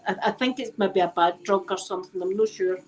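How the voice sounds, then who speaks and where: A woman's voice: mid-range voice, brisk, low-quality recording. A Scottish woman chatting casually to her livestream viewers from home on her phone, rambling and repeating herself. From Scotland. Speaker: livestream host. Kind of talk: casual chat.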